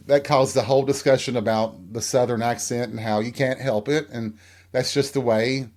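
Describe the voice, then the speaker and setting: A man's voice: medium pitch, fairly even intonation, moderate pace, darkish tone. A man from Tennessee hosting a candid solo podcast, frank and self-deprecating, with a rambling delivery. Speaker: podcast host.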